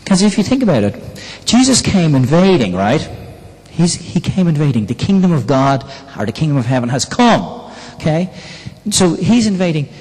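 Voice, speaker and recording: A man's voice: a little high, sing-song, normal speed, a little mellow. A man preaching a sermon in a conversational way, often asking the congregation questions. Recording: long reverb in a church hall.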